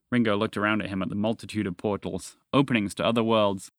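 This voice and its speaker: A man narrating a fantasy story in an expressive, lively reading. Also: on the low side, quick pace, hardly any pauses, no echo, studio quality.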